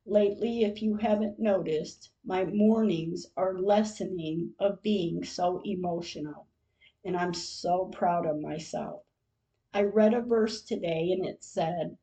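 A middle-aged woman reads her diary entries aloud at a slow, unhurried pace. Her voice is mellow and soft in tone, quiet and reflective. She is a podcast host sharing her days with her listeners. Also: lowish voice, lo-fi sound.

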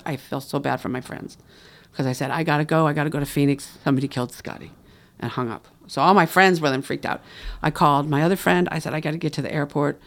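A guest in an interview telling a personal story in a mid-pitched voice with a gravelly texture. The delivery is emotional. The speaker often acts out other people's words while telling the story. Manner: emotional, reenacts dialogue.

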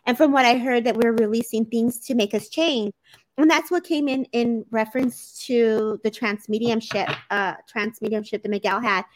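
A woman's voice: fairly high pitch, fairly even intonation, moderate pace. A woman hosting a live psychic chat on a video call, talking in an effusive, gushing and emotional way. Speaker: psychic medium, live-stream host. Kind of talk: casual live-stream chat.

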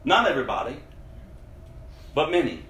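A man's voice: medium pitch, very animated, normal speed, a bit bright, echoey room, slight background noise, rough recording. A man preaching a sermon and reading scripture, impassioned and laughing between lines.

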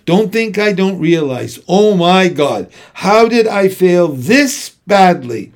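A man's voice: high voice, lively intonation, slow pace, voice pushed up, full character voice. A man reading an audiobook, voicing a worried and stern mother with tense, scolding questions. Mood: upset. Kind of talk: audiobook character voice.

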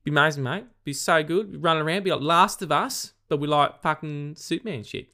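A man's voice: a little high, brisk, sharp tone, pitched above the performer's own voice. A man with an Australian accent putting on an exaggerated, swearing Aussie bloke for a joke. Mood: boisterous. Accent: broad Australian. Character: over-the-top swearing Aussie bloke, male adult. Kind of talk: joking put-on voice in podcast chat.

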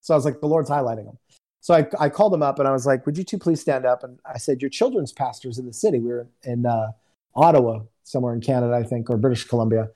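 Mellow-voiced man telling a testimony. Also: medium pitch, fast. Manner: conversational, acts out dialogue in quotes. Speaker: guest minister. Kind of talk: storytelling testimony.

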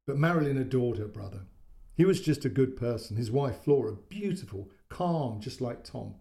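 A man narrating a short story in a measured, descriptive way. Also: mid-range voice, expressive, gravelly, warm tone.

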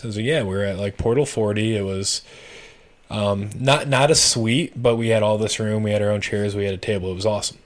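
A man's voice: lowish voice, fairly even intonation, brisk. A man telling a long story in casual chat on a podcast, swearing freely and acting out both sides of a traffic stop. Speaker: podcast guest.

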